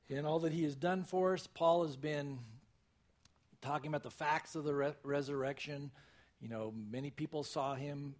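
Earnest male pastor delivering a sermon, voice sitting a bit high. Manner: earnest, storytelling preacher.

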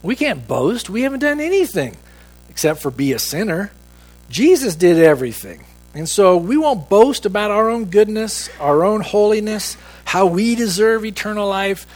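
A man preaching a sermon as a pastor, emphatic and quoting scripture in a slower voice. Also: high-pitched, sing-song, a little mellow.

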